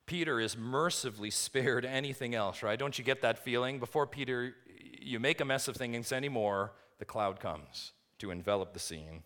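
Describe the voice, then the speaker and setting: A man's voice: expressive, normal speed, few pauses. Dramatic male preacher, big swings. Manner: dramatic swings between loud rising emphasis and quiet low asides; asks the congregation rhetorical questions. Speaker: pastor. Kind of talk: sermon.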